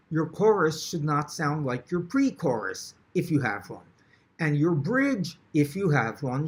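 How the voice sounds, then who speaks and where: A man teaching songwriting in a presentation, explaining patiently and breaking into short sung examples and wry jokes. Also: on the high side. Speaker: songwriting instructor. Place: video presentation recorded for an online event.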